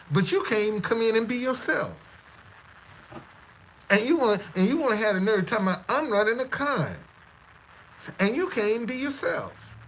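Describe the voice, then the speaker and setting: A man's voice: sits high, fairly bright tone, slight background noise, rough recording. A man hosting a live stream, talking to his audience in a stammering, repetitive, defiant way. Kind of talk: casual live-stream monologue.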